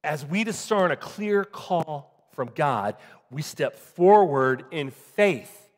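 A man's voice: expressive, slow pace. Dynamic male pastor preaching in a reverberant hall. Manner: dynamic, swings from loud emphatic peaks to quiet low asides. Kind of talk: sermon. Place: church sanctuary.

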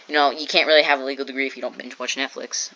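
Chatty young storyteller woman, bright voice. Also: very deep voice, fairly even intonation, fast talker, highs cut off. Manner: chatty, jokey asides, acts out quoted lines. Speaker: storytime vlogger. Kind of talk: casual storytelling.

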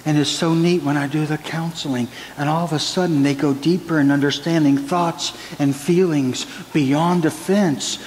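A man's voice: on the high side, steady tone, normal speed, hardly any pauses, darkish tone. A man preaching a sermon as pastor, moving between prayer and counseling stories in an earnest way. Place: church sanctuary. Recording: church hall reverb, faint room noise.

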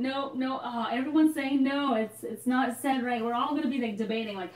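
A woman's voice: high voice, moderate pace. A young woman hosting a casual live Q&A, bubbly and chatty, laughing often and exclaiming as she answers viewers. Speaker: host of a live Q&A for a hair care shop. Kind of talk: casual live-stream chat. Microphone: phone. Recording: roomy, from a distance off the mic.

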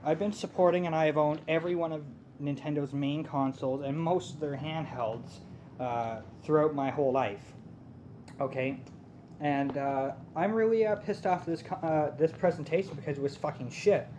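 A man giving an angry, profane rant about a game console presentation, halting with fillers. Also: a little high, background noise. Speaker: gaming YouTuber. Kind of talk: casual rant to camera.

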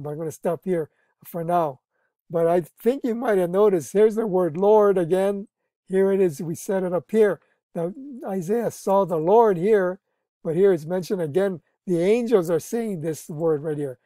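Mellow-voiced man teaching Bible study. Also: high voice, normal speed, no echo. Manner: earnest explaining, frequent restarts, stresses key words.

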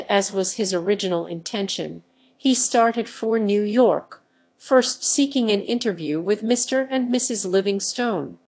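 Woman, audiobook narrator, classic novel reading, measured delivery, mid-range pitch. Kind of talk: scripted narration.

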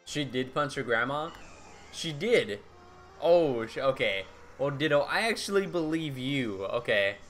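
An American man on a live game stream chats casually, answering his viewers' messages in an easygoing way with easy laughs. His mid-range voice is expressive, a little slow and a bit bright, with faint music in the background.

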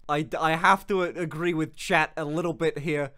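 A young man streaming, chatting casually with quick jokes and frequent swearing. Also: a little high, steady tone, sharp tone. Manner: fast, joking, swears often, laughs a lot. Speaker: streamer host.

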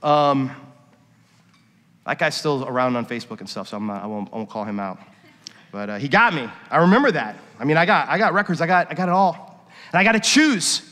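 A middle-aged man gives a sermon in a church, and his fairly high voice rings out into a long hall reverb. He tells personal stories in a hushed, confessional tone and then rises to emphatic, preacherly points. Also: animated, brisk. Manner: confessional storytelling, swings from quiet to emphatic. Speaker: worship pastor. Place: church sanctuary.

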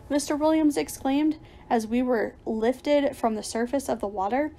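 A woman reading a children's adventure chapter aloud as storybook narration, lively and raising her voice for the shouted lines. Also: a little high, moderate pace. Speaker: audiobook reader.

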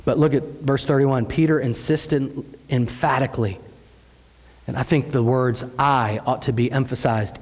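A man's voice: mid-range voice, normal speed, in a large hall. A man in his thirties preaching a sermon in a church, telling the story with energy and acting out the voices he quotes. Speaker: pastor. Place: church sanctuary.

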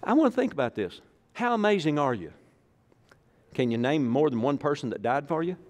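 A man's voice: on the high side, big pitch swings, brisk. A man from Arkansas, preaching a sermon as pastor in a folksy, joking style that calls on the congregation to repeat after him. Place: church sanctuary. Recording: echoey church hall.

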